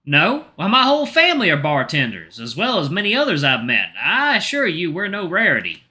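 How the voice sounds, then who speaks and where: A man's voice: high-pitched, huge pitch swings, a little fast, bright, forceful tone, voice pushed up, heavily acted. A man voicing a friendly male tiger bartender with a put-on Southern accent. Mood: cheerful. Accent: put-on American Southern.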